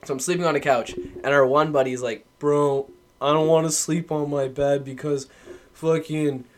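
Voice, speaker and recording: A young man with a somewhat high voice tells a story in casual podcast chat, breaking into laughter often. He swears freely and talks in a loose, animated way. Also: moderate pace. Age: young adult. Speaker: podcast guest.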